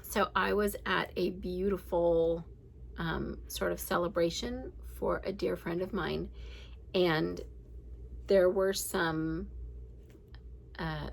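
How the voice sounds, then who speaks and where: A woman's voice: fairly low pitch, creaky, slight background noise, poor audio. A candid woman in her forties who hosts a daily reading podcast, talking in a casual, reflective, rambling way with laughs. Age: 40s.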